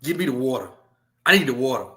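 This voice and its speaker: A young man, chatting casually as a podcast guest, animated and quick to laugh, repeating his lines as he tells stories. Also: mid-range voice. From Louisiana. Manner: animated storyteller, laughs often, repeats himself.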